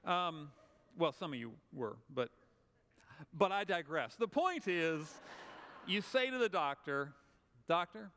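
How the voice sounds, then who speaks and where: A man's voice: fairly high pitch, very animated, slow pace, pauses often, fairly bright tone, slight background noise. A man with a Southern US accent giving a conversational, humorous motivational talk, acting out little scenes for the audience. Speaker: speaker. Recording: long hall reverb.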